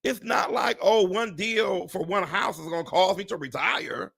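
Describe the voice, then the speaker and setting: A man who works as a real estate agent, chatting casually to viewers on a live stream, animated and exclamatory, swearing and talking straight to "y'all". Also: high-pitched, normal speed, vocal fry, breathy edge.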